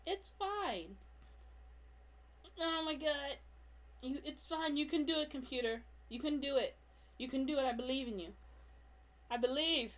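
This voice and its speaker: High-voiced chatty woman streaming a tutorial. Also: lively intonation. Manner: chatty and self-mocking, laughs often, talks to her slow computer. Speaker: comic artist streaming a drawing tutorial. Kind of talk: casual live-stream tutorial.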